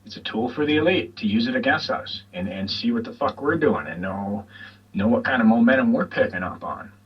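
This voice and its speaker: A man's voice: mid-range voice, animated, fairly quick, husky, recorded from a distance, dull audio. A man guesting on an online radio chat, talking in a rambling, laid-back way with casual swearing. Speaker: guest, YouTube channel host.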